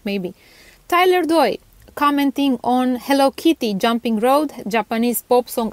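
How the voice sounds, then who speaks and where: A woman's voice: on the high side, no room sound. A woman with a Romanian accent, a toy channel host, chatting casually as she reads out viewer comments with little laughs and stumbles over names.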